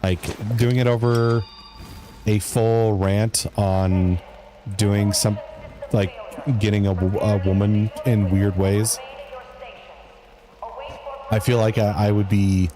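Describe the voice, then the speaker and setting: A man's voice: lowish voice, level tone, slow pace, long pauses. A man streaming a video game live, chatting casually and joking in a rambling way as he answers his chat.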